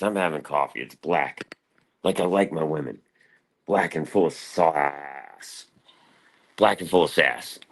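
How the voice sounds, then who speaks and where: A man hosting a casual livestream, rambling and swearing as he answers chat. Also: low-pitched. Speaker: livestream host.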